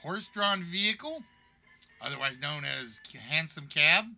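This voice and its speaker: A man's voice: a little high, animated, normal speed, creaky, sharp tone. A man hosting a live-streamed game show, chatty and joking as he reads out players' guesses.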